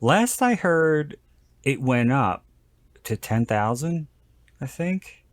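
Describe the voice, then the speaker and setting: A man's voice: medium pitch, lively intonation, slow, dry recording. A man hosting a podcast in casual chat, rambling and joking, often stopping to restart his sentences. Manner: rambling, self-interrupting, jokey. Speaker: podcast host.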